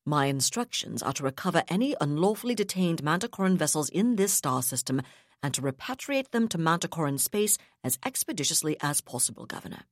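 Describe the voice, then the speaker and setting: Woman reading as a calm, steely naval captain. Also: low-pitched, no echo, clean studio sound, exaggerated voice. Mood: calm firm. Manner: calm, firm, measured.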